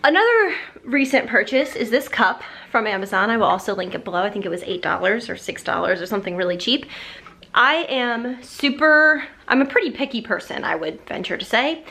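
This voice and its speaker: A woman's voice: a little high, animated, fairly quick, creaky, bright, forceful tone. A young woman chatting casually and rambling to her camera at home. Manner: rambling, chatty, self-deprecating. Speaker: vlogger. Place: living room at home.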